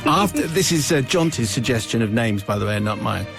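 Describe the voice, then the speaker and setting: A man's voice: medium pitch, big pitch swings, fairly quick, gravelly, music in the background. A male radio host reading out a listener's confession, with wry, playful asides.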